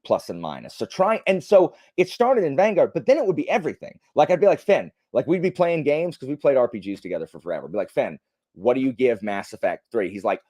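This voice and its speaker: A young man chatting on a livestream, his pitch swinging up and down as he tells a rambling story. He leans on fillers and restarts, and the sound is close and dry, with no room echo. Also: warm tone. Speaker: livestream host. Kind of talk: casual chat.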